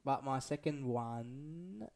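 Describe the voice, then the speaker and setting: A man's voice: mid-range voice, slow pace, vocal fry, darkish tone. A young man, a podcast co-host telling rambling, sweary stories in casual chat.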